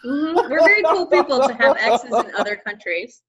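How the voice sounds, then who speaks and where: A woman's voice: high voice, big pitch swings, normal speed, crowd noise. A woman co-hosting a podcast in casual chat, wry and joking. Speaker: podcast co-host.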